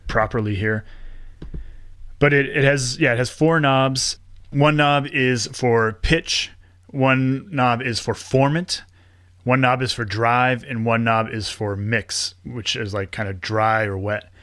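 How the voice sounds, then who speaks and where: A man of middle pitch talking casually as a podcast guest, chatty and quick to laugh as he explains things. His voice is close and dry, with no room around it. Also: steady tone, a bit bright, no echo. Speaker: podcast producer and host, guest. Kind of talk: casual interview chat.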